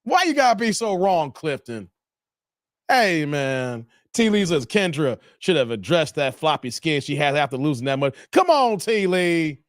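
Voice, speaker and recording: A high-pitched man hosting a live stream, his voice jumping all over as he laughs and jokes with his chat. The sound is close and dry, with no room around it. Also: a little slow, no echo. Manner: laughing, animated banter with chat.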